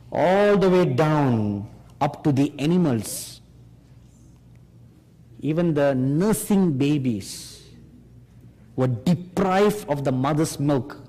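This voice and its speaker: A man preaching a sermon, slow and emphatic, pressing his listeners with rhetorical questions. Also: medium pitch, mellow. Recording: long hall reverb.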